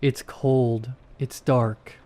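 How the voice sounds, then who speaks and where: A man voicing a rasping undead girl ghoul. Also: medium pitch, fairly even intonation, very slow, warm tone. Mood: pleading. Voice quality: wet rasping voice. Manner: whiny and pleading, turning to shrieks. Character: undead teenage girl ghoul, hungry, pleading. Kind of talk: horror story narration.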